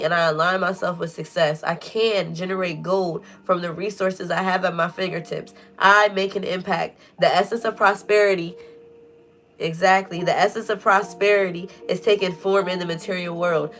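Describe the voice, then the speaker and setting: A woman's voice: on the low side, fairly bright tone. A woman giving a casual spiritual tarot reading, earnest and preachy, repeating phrases for emphasis. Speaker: tarot reader.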